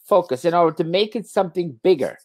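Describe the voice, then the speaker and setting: A man tutoring English one-on-one, tired, explaining words patiently and repeating them slowly. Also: high-pitched, animated, a little mellow.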